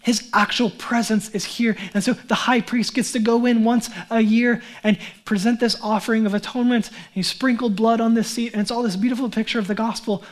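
A man's voice: extremely high pitch, steady tone, fairly quick, few pauses. A man, a pastor, preaching a sermon in a conversational way, often asking and answering his own questions.

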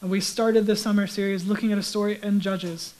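Male pastor, casual conversational sermon, leans into quiet near-whispers for weight. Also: high voice, little pitch movement, fairly quick, poor audio. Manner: conversational preaching, dropping to a hushed whisper for emphasis.

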